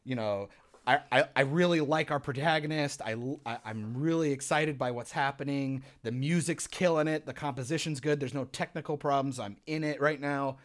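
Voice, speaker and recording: A young man co-hosting a casual podcast chat, telling stories in an animated, profane way and acting out his own reactions. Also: medium pitch, normal speed. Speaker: podcast co-host.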